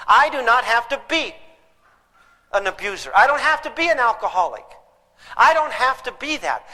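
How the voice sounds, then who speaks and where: Bright-voiced man lecturing in a hall. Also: high-pitched. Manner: humorous, questions the audience directly. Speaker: parenting seminar speaker. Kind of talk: live seminar lecture. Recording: long hall reverb.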